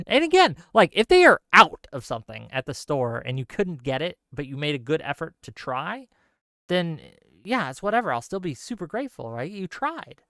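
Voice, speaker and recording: A man hosting his live stream talks straight into a close mic with no room sound. His pitch swoops up and down as he rants and jokes sarcastically. His voice is smooth and clear. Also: moderate pace, dry recording. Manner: ranting, animated, sarcastic. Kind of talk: casual live stream chat reading viewer comments.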